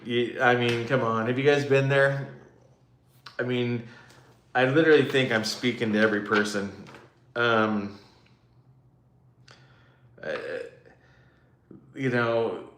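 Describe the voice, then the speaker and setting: A man's voice: medium pitch, fairly even intonation, slow pace, pauses often, fairly bright tone, a little hiss or hum. Rambling, self-mocking man in an echoey room. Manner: rambling, self-mocking, chatty with live comments. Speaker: livestream host. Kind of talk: casual livestream chat.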